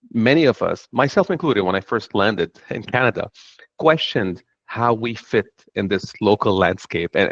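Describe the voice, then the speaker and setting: On a panel, a middle-aged man from Lebanon earnestly and reflectively recounts his own path in a Lebanese accent. His voice is lowish with a fairly bright tone, and the recording is dull and dry with no room sound.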